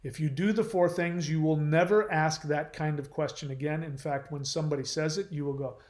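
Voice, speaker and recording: A man's voice: fairly high pitch, steady tone, brisk, darkish tone, echoey room. A man hosting his channel, reading viewer comments aloud and answering them in a blunt, lecturing way.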